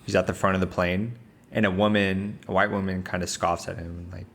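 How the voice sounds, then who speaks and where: A man co-hosting a podcast, speaking in a measured way and often voicing agreement. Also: deep voice, level tone, fairly bright tone. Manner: measured, agreeing, with frequent backchannels. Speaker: podcast co-host. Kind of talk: casual discussion.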